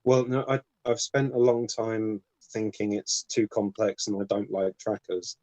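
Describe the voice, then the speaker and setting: A man hosts an online call in a somewhat low voice with a dry, close sound. He talks in a relaxed, thoughtful way and hesitates now and then while he works through an idea. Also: measured pace, dry recording, low-quality recording. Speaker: host of a modular synth stream. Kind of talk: casual technical chat.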